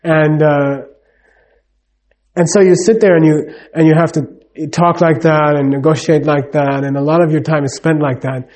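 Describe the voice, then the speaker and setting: A man's voice: fairly high pitch, steady tone, moderate pace, darkish tone. A middle-aged man giving a casual, rambling talk, full of fillers and "you know what I mean". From United States.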